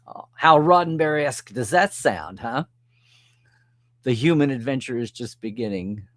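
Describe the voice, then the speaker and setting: A man's voice: medium pitch, animated, normal speed, fairly bright tone, no room sound. Male live-stream host, casual, answers chat, dry close sound. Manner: chatty, reads and answers comments, chuckles often.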